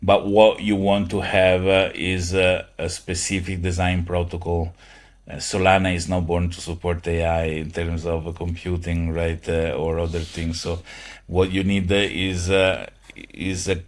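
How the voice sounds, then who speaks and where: Low-voiced man, halting speech. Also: monotone. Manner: halting, many fillers, non-native phrasing. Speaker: guest. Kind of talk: conversational interview.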